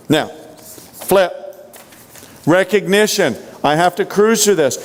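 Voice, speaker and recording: A man's voice: a little high, clear, resonant tone. A man giving a motivational sales training talk, punchy and full of rhetorical questions to the audience. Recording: long hall reverb.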